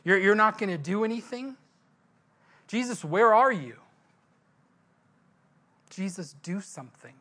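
A preacher playing frantic, panicked disciples. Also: male voice, high-pitched, lively intonation, measured pace, pauses often, bright, forceful tone, exaggerated voice. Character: panicked grown men, frightened disciples in a storm.

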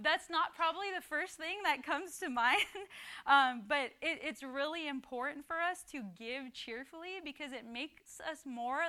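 Bright-voiced woman giving a chatty sermon. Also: fairly high pitch. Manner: conversational, frequent "um" and "right?", quotes scripture. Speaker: Bible teacher. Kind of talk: casual sermon.

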